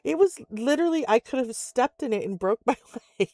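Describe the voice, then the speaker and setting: Chatty older woman with a gravelly voice. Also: a little high, animated, a little fast, warm tone, no echo. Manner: chatty storyteller, laughs often, acts out voices. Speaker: streamer. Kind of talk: casual chat while gaming. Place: home in Alaska.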